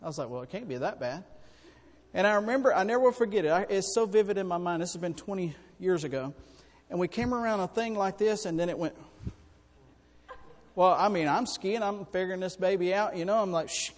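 A man preaching a sermon, folksy and animated, telling personal stories. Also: high-pitched, fairly quick. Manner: folksy, animated storytelling with sudden loud bursts. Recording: long hall reverb.

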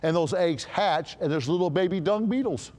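Male pastor with a higher voice, animated preaching, large reverberant church. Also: moderate pace. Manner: animated preaching with rhetorical questions, swelling to emphatic peaks. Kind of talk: sermon.

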